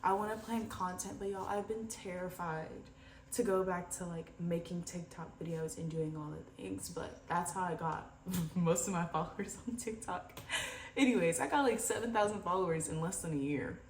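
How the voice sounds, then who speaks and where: Young woman rambling into her camera across the room, kinda down, echoey room. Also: moderate pace. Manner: candid, rambling, low-spirited. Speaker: vlogger. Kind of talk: casual diary vlog. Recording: roomy echo, distant from mic, faint ambient noise.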